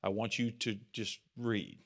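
Bright-voiced chatty man preaching. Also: on the low side, steady tone, measured pace. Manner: chatty, rambling, self-deprecating asides. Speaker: pastor. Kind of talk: casual sermon talk.

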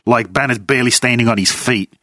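A man's voice: mid-range voice, fast talker, bright, forceful tone, no echo. A man talking casually about films, rambling and searching for words. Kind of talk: casual chat.

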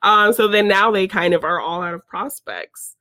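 A woman's voice: medium pitch, moderate pace, sharp tone, no echo, clean studio sound. A woman co-hosting a podcast, recapping a film in casual chat, laughing often and using lots of fillers. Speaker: podcast co-host.

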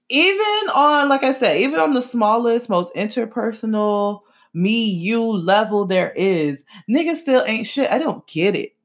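Young woman ranting solo on her podcast, blunt and emphatic, lots of slang and cussing, voice shoots up high when she makes a point. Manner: emphatic, blunt and animated, with sudden high-pitched jumps; casual slangy talk with swearing. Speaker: podcast host.

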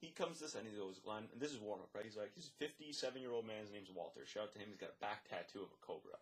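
Animated man telling a wild story. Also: on the low side, rapid-fire. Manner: animated, swears, many fillers; acts out dialogue, drops to a whisper. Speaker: lifeguard and swim instructor. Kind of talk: casual storytelling.

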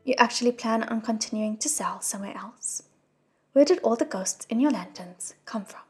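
A woman's voice: fairly high pitch, moderate pace, breathy edge, soft background music. A woman voicing an earnest, kind young male crown prince in a storybook reading, solemn and admonishing.

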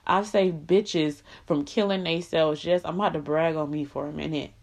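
A woman's voice: low voice, steady tone, normal speed, a little mellow. A woman delivering an impassioned, profane monologue, blunt and emphatic with lots of repetition.

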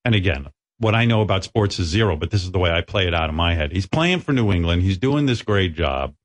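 A man's voice: deep voice, expressive, fast. A middle-aged man hosting a radio show in a studio, telling rambling, profane, self-mocking stories in casual banter.

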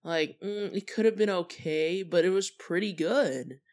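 A young adult hosting a solo podcast, talking casually in a relaxed, chatty way with many fillers and trailing thoughts. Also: mid-range voice, a little slow. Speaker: podcast host.

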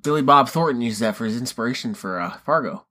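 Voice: mid-range voice, animated, fast, bright, forceful tone. Crude, joking podcast co-host. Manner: crude, joking, swears freely. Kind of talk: casual movie-review chat.

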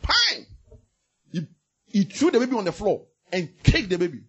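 Male pastor, impassioned sermon; slightly raised pitch, very lively delivery with sudden loud bursts. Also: a little fast, slightly rough. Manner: impassioned, swings from loud bursts to near murmurs; repeats phrases for emphasis.

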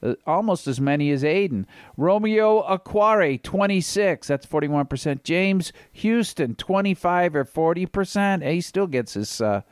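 Rambling higher-voiced male podcast host. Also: expressive, measured pace, few pauses, clear, resonant tone, dry recording, studio quality. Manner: rambling, reads stats aloud, sings little sound effects. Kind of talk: casual sports chat.

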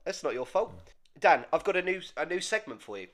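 A man co-hosting a casual comedic podcast, dry and low-key, firing off quick quiz questions. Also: sing-song, fairly bright tone. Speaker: podcast co-host.

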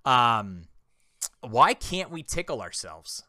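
A man in his thirties co-hosting a podcast, chatting casually and quizzing his co-host with teasing rapid-fire questions. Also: medium pitch, big pitch swings, sharp tone, no room sound, studio quality. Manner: playful, teasing quizmaster. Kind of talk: casual chat.

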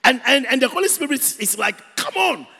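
High-voiced gravelly preacher in a hall. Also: male voice, animated, a little fast, bright, forceful tone. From Ghana. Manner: emphatic, repeats key words, sings out phrases. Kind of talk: sermon. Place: church hall. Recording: echoey church hall with long reverb.

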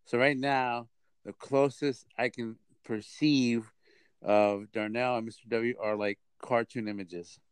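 A man with a smooth, resonant voice hosts a laid-back podcast chat. He rambles, stops and restarts, and repeats his phrases. The sound is dry and close. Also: medium pitch, steady tone, no room sound. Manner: rambling, halting, repeats himself. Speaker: podcast host.

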